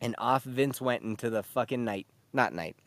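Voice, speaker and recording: A man's voice: mid-range voice, normal speed, no room sound. A man telling a story in casual, profane chat, laughing as he goes. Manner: profane, laughing, animated retelling.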